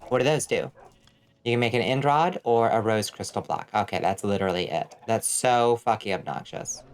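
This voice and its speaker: An American woman streaming a game, giving casual commentary as she thinks aloud, bemused and swearing freely. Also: very deep voice. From United States. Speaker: vtuber streamer.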